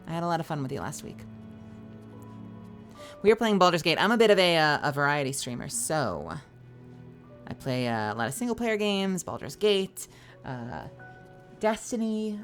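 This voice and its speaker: Soft background music accompanies a woman streamer and voice actor whose low voice moves at a brisk pace. She greets viewers and chats with them casually and playfully, yawning and sleepy but still animated.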